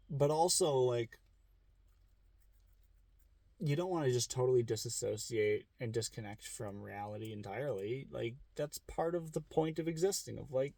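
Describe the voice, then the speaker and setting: A man's voice: mid-range voice, vocal fry, a little mellow, no room sound. A young man musing aloud in a casual vlog monologue, rambling, correcting himself and swearing freely. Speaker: vlogger.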